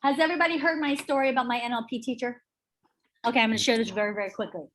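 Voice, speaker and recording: Energetic woman teaching a sales workshop. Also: fairly high pitch, very fast, a little hiss or hum. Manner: energetic, chatty storytelling. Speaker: real estate sales trainer. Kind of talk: training workshop talk.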